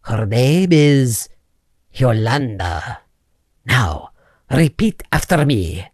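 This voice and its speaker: A man's voice: on the high side, big pitch swings, a little slow, no room sound, studio quality. A man voicing a pompous, stiffly formal memory coach in a comedy sketch, speaking precisely without contractions. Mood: prim.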